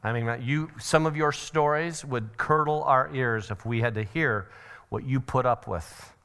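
A middle-aged man teaching a parenting seminar at church, animated and acting out family scenes with sudden shouted voices. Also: mid-range voice, a little slow, smooth.

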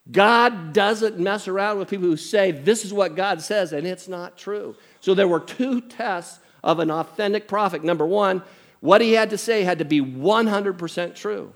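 A man preaching a sermon, telling a humorous story and reading scripture aloud in an animated, conversational way. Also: high-pitched, moderate pace. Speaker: pastor.

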